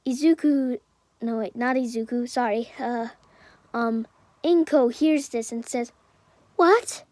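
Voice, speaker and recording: A woman's voice: a little high, measured pace, dark tone, no echo. Hesitant woman narrating a fan story. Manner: hesitant, many fillers and self-corrections. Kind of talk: improvised fan-fiction narration.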